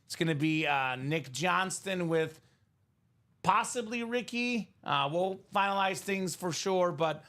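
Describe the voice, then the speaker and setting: Upbeat high-voiced salesy livestream host man. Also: lively intonation, a little slow, pushed and bright. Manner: upbeat, chatty, salesy, many "uh" fillers. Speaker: live card break host. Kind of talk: casual sales chat on a livestream.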